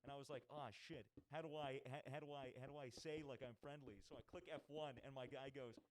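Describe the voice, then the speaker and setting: A man in casual podcast chat, telling a game story with excited energy and lots of swearing. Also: mid-range voice, a little fast, rough recording.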